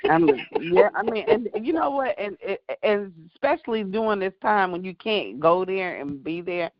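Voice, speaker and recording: A man sharing on a prayer call, halting and rambling with many restarts. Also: high voice, very animated, gravelly. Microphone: phone call. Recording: dull lo-fi phone line.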